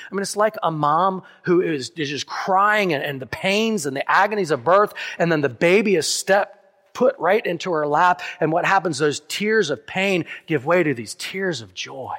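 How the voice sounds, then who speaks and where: A man preaching a sermon as pastor, earnest, dropping softly on key lines and speeding through asides. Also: on the high side. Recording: long hall reverb.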